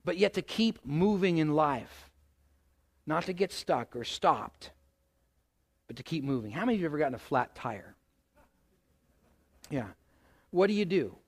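A middle-aged male pastor preaching a sermon, animated, asking the congregation questions and acting out exasperated outbursts. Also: a little high, moderate pace, pauses often. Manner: animated, acts out exasperated voices with loud outbursts.

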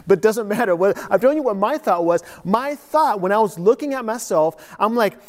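A man's voice: sits high, lively intonation, a little fast. A man preaching a sermon as pastor, in a conversational, self-deprecating way, often repeating words while he thinks. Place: empty church. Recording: long reverb of a large empty church.

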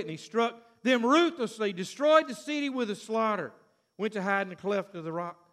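A man preaching a sermon, retelling a story with animated, sudden shouts and acted-out voices. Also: high voice, normal speed.

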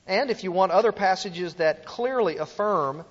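A man's voice: sits high, moderate pace, in a large hall, highs cut off. A man preaching a teaching sermon, emphatic, asking his listeners rhetorical questions. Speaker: pastor teaching a series.

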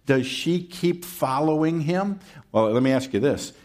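A man's voice: a little high, lively intonation, unhurried, darkish tone. A man preaching a sermon in a conversational way, with rhetorical questions and folksy asides.

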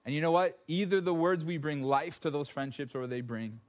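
Guy preaching a sermon, cracks jokes at himself while telling a story, voice a bit on the high side. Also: brisk. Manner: storytelling with self-deprecating jokes. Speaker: pastor.

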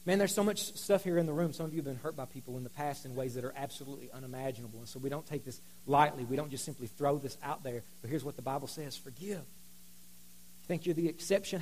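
A man preaching a sermon to his congregation, calling for responses and swinging between loud, fired-up bursts and low, intimate talk. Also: quick pace, poor audio. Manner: exhorting, call-and-response with congregation. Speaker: pastor. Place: rented hall before a congregation.

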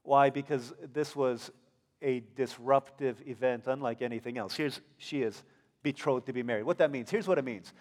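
A man's voice: mid-range voice, moderate pace, a little mellow. A male pastor with an American accent giving a conversational sermon, playfully acting out the people in the story. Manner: conversational, acts out characters in playful voices. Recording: long hall reverb.

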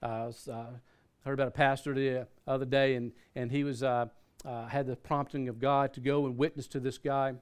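A man's voice: mid-range voice, flat delivery, moderate pace, clean tone. A man preaching a sermon in a conversational way, often restarting his sentences and using fillers. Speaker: pastor.

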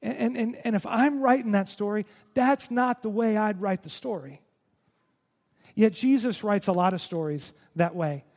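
Brief: male pastor, high voice, earnest sermon delivery, echo of a church hall. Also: moderate pace, a little mellow. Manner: earnest, repeating words when emphatic.

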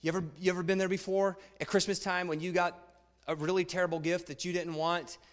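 A male pastor with a high-set voice gives a youth sermon, chatty and lively and asking his listeners questions. His voice rings out with a long hall reverb behind it. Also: fast. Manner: lively, conversational, asks the audience questions. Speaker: pastor speaking to a youth congregation. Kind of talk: sermon with a read-aloud story.

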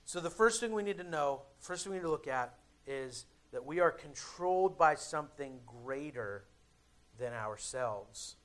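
A young adult male pastor preaching a sermon in a conversational way, with dramatic pauses and emphatic builds. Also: on the high side, lively intonation, a bit bright.

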